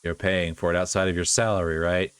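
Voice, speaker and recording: A man voicing a frail, sad young man in a visual novel, speaking quietly and with self-blame. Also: deep voice, flat delivery, a little fast, clear, resonant tone, no room sound, pitched below the performer's own voice, close to an everyday voice. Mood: subdued. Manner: quiet, subdued, self-blaming.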